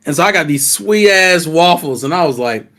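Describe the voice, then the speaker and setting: A man with a somewhat high voice talks on a podcast in a loose, casual way. He swears often and walks through his explanations at length, like he is talking with friends. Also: lively intonation, normal speed, fairly bright tone. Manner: laid-back, profane, explains things at length. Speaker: podcast co-host. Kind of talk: casual group chat.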